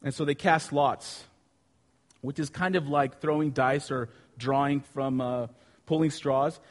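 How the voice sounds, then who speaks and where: A man preaching a sermon with animated storytelling, asking his listeners questions. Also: mid-range voice, measured pace. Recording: long hall reverb.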